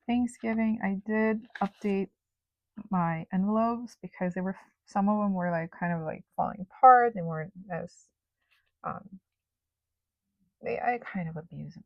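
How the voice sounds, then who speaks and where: A woman's voice: mid-range voice, normal speed, vocal fry, no echo, muffled recording. A young woman chatting casually while she sorts cash into budget envelopes, rambling with lots of fillers. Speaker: budgeting vlogger. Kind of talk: casual cash-stuffing commentary.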